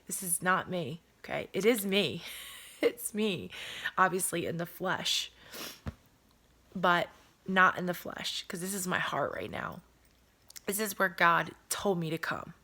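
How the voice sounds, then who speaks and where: An earnest woman records a personal video from home, her voice bright and forward. She repeats herself and often sinks to a hushed whisper. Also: fairly low pitch. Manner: repetitive, earnest, drops to whispers. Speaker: vlogger. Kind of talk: emotional personal video talk.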